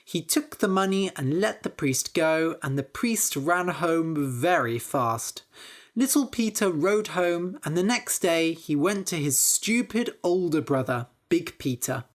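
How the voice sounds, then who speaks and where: A woman narrating a simple story for English learners, clear and deliberate. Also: sits low, animated. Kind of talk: slow scripted story narration.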